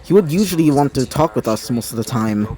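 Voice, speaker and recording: A man's voice: mid-range voice, lively intonation, brisk, dark tone, lightly acted. A man doing a puzzled young group leader.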